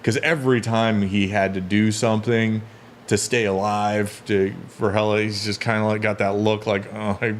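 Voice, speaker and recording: A man co-hosting a casual spoiler review of a movie, laid-back and agreeable, thinking out loud as he talks. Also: lowish voice, flat delivery, moderate pace, slight background noise. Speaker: co-host of a movie review show.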